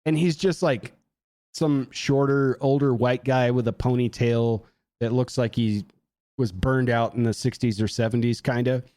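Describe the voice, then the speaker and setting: A man on a podcast telling a story in casual chat, animated, swearing a lot and acting out what people said. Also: medium pitch, normal speed, dry recording, studio quality. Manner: animated, heavy swearing, acts out quotes. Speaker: podcast co-host.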